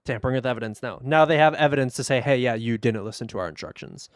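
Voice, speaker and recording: A young man with a medium-pitched voice talks fast over clean studio sound with no echo. Reacting to videos on a livestream, he gives casual commentary, speaking bluntly and straight to chat with plenty of swearing.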